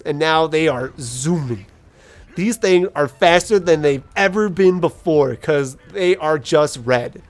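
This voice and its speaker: Taking his time in a fairly high voice, a let's play commentator chats casually over a video game. He rambles and jokes, telling stories in an animated way.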